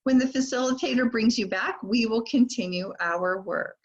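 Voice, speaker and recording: An older woman giving a teacher training lecture on reading skills, slowly sounding out words and their sounds. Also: a little high, slightly rough, lo-fi sound. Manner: slow, deliberate modeling of speech sounds. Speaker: literacy trainer.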